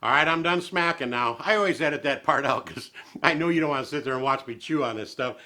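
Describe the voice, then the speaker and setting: A man's voice: mid-range voice, fast, sharp tone. A man hosting a home cooking show, chatting in a homespun, folksy way and chuckling as he goes.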